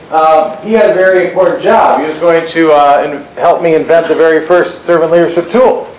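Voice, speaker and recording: High-voiced man talking in an echoing hall. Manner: conversational, asides like "right?". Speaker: employer and co-presenter. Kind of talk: storytelling talk to an audience. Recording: very echoey hall, faint noise.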